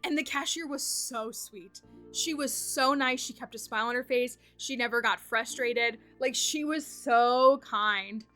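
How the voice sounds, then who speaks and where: A woman streamer telling a story in casual chat, animated and full of "like" fillers. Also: a little high, unhurried, soft background music. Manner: animated, heavy use of "like" fillers.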